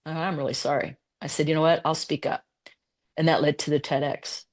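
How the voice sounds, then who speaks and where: A woman's voice: sits low, a little fast. A woman, a business executive as interview guest, telling a story casually and acting out the conversations she quotes. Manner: animated, retells conversations in quoted voices.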